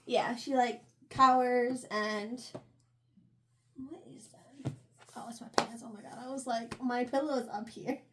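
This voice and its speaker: A young woman co-hosting a casual book review chat, slangy and laughing, acting out characters in quick asides. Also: on the high side, fairly even intonation, very noisy. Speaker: book review podcast co-host. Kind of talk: casual chat recapping a novel.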